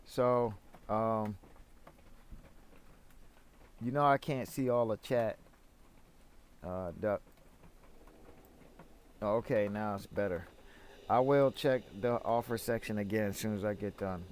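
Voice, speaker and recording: Man from Florida, low voice, rambling game stream chatter, filler words, faint noise behind. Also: slow pace, pauses often, darkish tone. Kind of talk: casual gameplay commentary.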